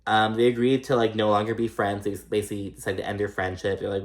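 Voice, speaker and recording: A man hosting a casual reality TV recap. He talks in a chatty, profane way and mimics the cast's lines in a higher pitch. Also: little pitch movement, quick pace.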